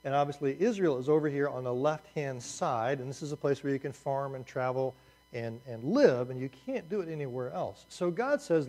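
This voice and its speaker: A man teaching a lively overview lecture, telling the story with jokes and asides as he points at a map. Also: mid-range voice, moderate pace. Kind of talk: Bible survey lecture.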